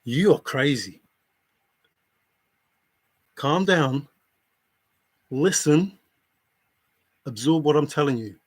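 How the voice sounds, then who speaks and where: A man with a fairly high voice, lecturing his audience in a heated live stream rant. He repeats himself again and again, exasperated that nobody will listen. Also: lively intonation, extremely slow, long pauses. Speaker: treasure hunt commentator.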